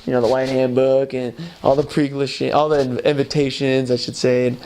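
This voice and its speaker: A man's voice: mid-range voice, normal speed, slight background noise. A man, a former missionary, telling a personal anecdote in a loose, chatty way and acting out other people's lines. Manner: animated storytelling that acts out other people's lines; loose and chatty, full of "like" and "you know". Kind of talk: personal anecdote told to camera.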